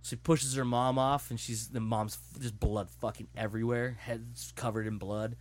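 A man in casual chat, retelling a story in an animated, profane way. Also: mid-range voice, moderate pace.

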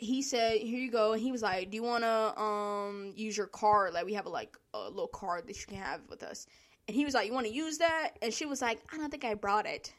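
A young woman tells a story from her job in a casual monologue. Her fairly high voice swoops up and down as she acts out the people she quotes, and she swears freely and laughs often. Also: a bit bright. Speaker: vlogger telling a work story.

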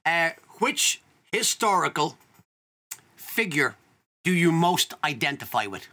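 A man's voice: a little high, big pitch swings, slow pace, pushed and bright. An Irish man hosting an interview, chatty and openly emotional, laughing often. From Ireland. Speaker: host. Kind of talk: casual interview chat.

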